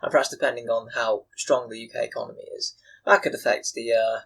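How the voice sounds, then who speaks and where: A man's voice: mid-range voice, steady tone, fast, gravelly, fairly bright tone, breathy edge, low-quality recording. A young British man co-hosting a casual podcast chat with friends, explaining at length with plenty of ums and uhs. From United Kingdom. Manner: chatty, hesitant with many fillers, explains at length. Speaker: podcast co-host.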